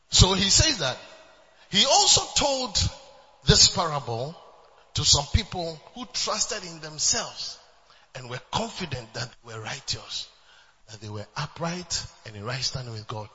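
A man's voice: on the high side, pushed and bright, in a large hall, muffled recording. A man preaching a sermon as pastor, emphatic, with repeated refrains and bursts of laughter.

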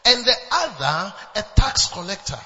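A man's voice: high voice, very animated, moderate pace, sharp tone, long reverb tail, lo-fi sound. A man preaching a sermon as pastor, emphatic, with repeated refrains and bursts of laughter.

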